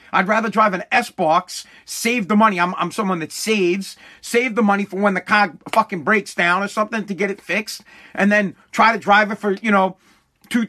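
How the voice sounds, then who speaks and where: A man's voice: sits high, pushed and bright. Blunt, profane man ranting. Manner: profane, blunt, rambling with restarts. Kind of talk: ranting monologue.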